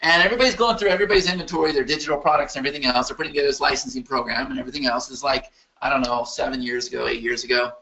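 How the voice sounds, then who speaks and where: A man presenting a webinar in an emphatic, repetitive motivational sales-pitch style. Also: steady tone, racing, few pauses, sharp tone, poor audio.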